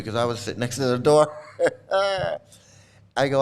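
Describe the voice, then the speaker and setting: A man's voice: mid-range voice, animated, a little slow, smooth. A middle-aged man telling a rambling story casually to his livestream chat, laughing often and restarting sentences. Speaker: host.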